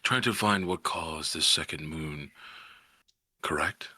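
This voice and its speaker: A man with a very deep voice talks slowly and hesitantly as his character in a tabletop game, asking questions as he goes. His tone is very bright and sharp, with a husky grain. The recording is dry and close, with faint music underneath. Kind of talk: in-character role-play.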